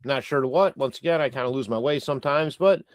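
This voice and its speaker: A man's voice: mid-range voice, fast, no echo, studio quality. A man hosting a live stream, chatting loosely and reading out viewer comments in a rambling, irreverent way with casual swearing. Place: lives in Canada.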